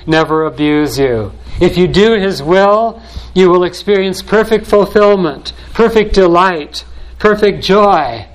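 Slow, deliberate male preacher. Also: a little high, rough recording. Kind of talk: sermon.

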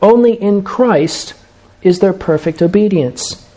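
Guy preaching a sermon, kinda high voice but soft and warm, slow and emphatic on the big lines. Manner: measured, emphatic, slows for key phrases.

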